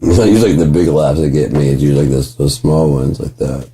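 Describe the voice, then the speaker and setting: A man with a low, dark voice talks gently and at length, drifting from one thought to the next. His tone is husky, and he swears freely and breaks into chuckles often. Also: quick pace. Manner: rambling, profane, chuckles often. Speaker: vlogger. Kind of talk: gentle casual monologue.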